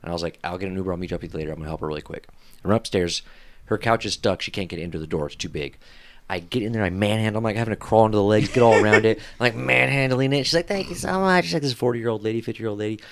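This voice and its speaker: A man co-hosting a podcast, telling stories in a crude, animated, joking way. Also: on the low side, very fast. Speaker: podcast co-host. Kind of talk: casual podcast chat.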